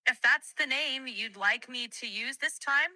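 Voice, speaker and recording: Ai assistant lady voice, slow and polite, really bright and crisp, dry. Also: high-pitched, no echo. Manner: polite, measured, accommodating. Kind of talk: conversational AI replies.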